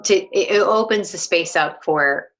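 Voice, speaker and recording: A woman's voice: on the low side, a little slow, a bit bright. A young woman on a video call, talking thoughtfully about a book in casual chat, with many fillers and restarts. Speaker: co-host of a book discussion.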